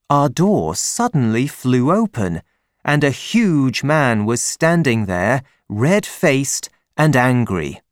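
A man narrating a story audiobook in a clear, careful reading manner. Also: medium pitch, sing-song, slow pace, no room sound, clean studio sound. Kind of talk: scripted narration.

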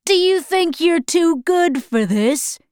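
A woman's voice: very high-pitched, lively intonation, slow pace, a little mellow, dry recording, voice pushed up, exaggerated voice. A woman putting on a sneering cruel camp officer. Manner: sneering, contemptuous. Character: cruel, mocking male prison-camp officer.

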